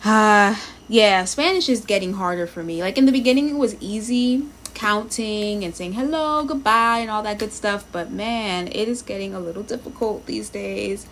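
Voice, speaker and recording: A woman's voice: mid-range voice, moderate pace, few pauses, fairly bright tone, a little hiss or hum. A woman live-streaming her language practice, chatting casually, thinking aloud, sounding out words and greeting viewers in the chat. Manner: reads lesson text aloud, sounding words out.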